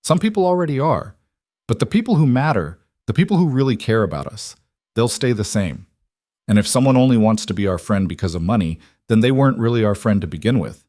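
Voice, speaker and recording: A man voicing a single father who speaks calmly and firmly. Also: on the low side, a little fast, dry recording, studio quality, lightly acted. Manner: calm and firm. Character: calm, firm single dad, gentle with son.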